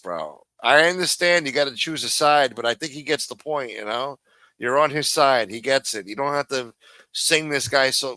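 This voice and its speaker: A man's voice: medium pitch, sharp tone, no room sound. A man hosting a live stream, commenting casually on a clip in a rambling, profane, exasperated way.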